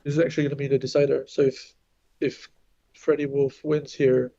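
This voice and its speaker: Gravelly French-accented male commentator. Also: mid-range voice, a little fast, lo-fi sound. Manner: relaxed, thinks aloud with restarts. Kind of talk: live board game commentary.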